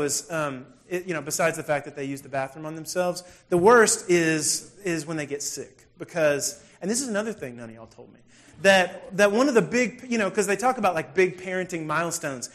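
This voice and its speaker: Animated man, high voice. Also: moderate pace. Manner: animated, self-deprecating, acts out scenes. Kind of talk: humorous storytelling sermon.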